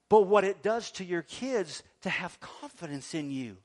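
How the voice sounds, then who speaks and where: Pastor guy preaching, kinda high voice, goes quiet then yells out big lines. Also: lively intonation, a little fast, hardly any pauses. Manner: preaching with rising shouts and acted quotes. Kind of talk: sermon.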